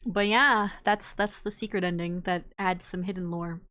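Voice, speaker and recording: A woman's voice: on the low side, fairly even intonation, normal speed, bright, forceful tone. Chatty woman streaming a game. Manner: chatty, reacts aloud, laughs. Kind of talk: casual gameplay commentary.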